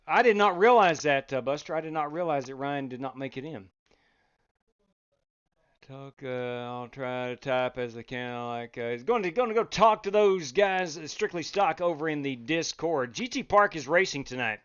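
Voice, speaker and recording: A man hosting a sim racing league live stream, chatting casually, reading out chat and breaking into loud exclamations. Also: fairly high pitch, normal speed, clear, resonant tone, dull audio. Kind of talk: live-stream race commentary.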